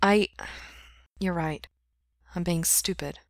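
A woman's voice: lowish voice, takes it slowly, no room sound, studio quality. A woman voicing an anxious, guilt-ridden young man, earnest and plaintive as he apologizes, in a storybook reading.

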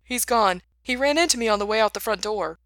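A woman voices a careful, apologetic young man who talks in a slightly raised, hesitant way. The tone is bright and dry, close to the mic. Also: medium pitch, brisk, dry recording, natural voice. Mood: matter-of-fact. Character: anxious, apologetic young man, a loyal helper.

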